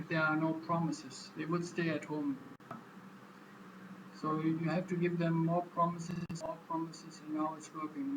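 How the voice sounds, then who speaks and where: A man vlogging in a casual monologue, speaking haltingly and repeating words as he explains. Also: on the high side, background noise.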